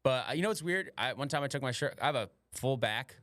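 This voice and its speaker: A man's voice: mid-range voice, expressive, fast, a bit bright, no room sound. A young man, a podcast host and stand-up comic, chatting casually and telling rambling stories full of swearing and playful slang.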